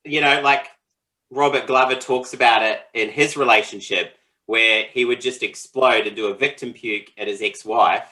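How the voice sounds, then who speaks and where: A man co-hosting a podcast, talking in a relaxed, rambling conversational way and laughing often. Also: medium pitch, normal speed, poor audio. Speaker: podcast co-host. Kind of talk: casual conversational podcast chat.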